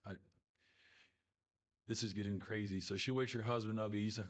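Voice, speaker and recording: Low-voiced man rambling through a story. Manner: rambling, halting, many fillers. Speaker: listener telling a submitted story. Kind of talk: casual spoken storytelling.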